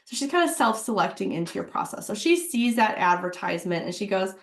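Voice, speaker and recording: A woman's voice: medium pitch, sing-song, fast, echoey room. A woman giving a casual business workshop talk, chatty, with many fillers and acted-out quotes. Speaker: HR workshop presenter. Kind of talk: casual webinar presentation.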